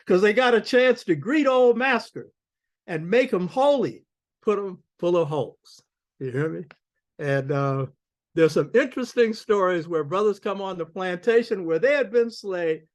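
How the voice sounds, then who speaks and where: Older male lecturer, emphatic preacherly delivery, slightly high-pitched voice. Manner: preacherly, emphatic, calls out "you hear me?". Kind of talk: public lecture.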